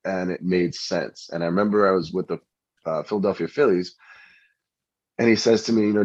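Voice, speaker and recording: Man, middle-aged, pitching coach, anecdotal interview talk, dry close sound, husky. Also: steady tone, a little fast, long pauses, a little mellow, dry recording. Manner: chatty anecdotal, repeats words on restarts. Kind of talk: interview storytelling. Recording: dull lo-fi recording.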